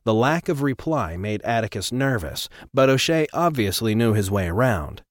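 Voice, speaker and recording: A man narrating an audiobook with an expressive, dramatic reading. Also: mid-range voice, moderate pace, dry recording, studio quality. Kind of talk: scripted narration.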